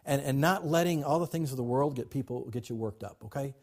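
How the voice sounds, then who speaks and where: A man's voice: mid-range voice, fairly quick, darkish tone. A man preaching a sermon as pastor, emphatic and repetitive, calling on the congregation to respond.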